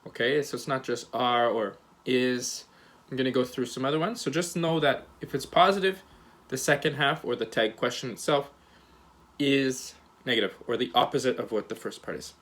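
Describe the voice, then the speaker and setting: A man teaching a recorded grammar lesson, speaking in a relaxed, hesitant way with many fillers and restarts, and acting out example questions with rising and falling intonation. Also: mid-range voice, normal speed. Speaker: English teacher.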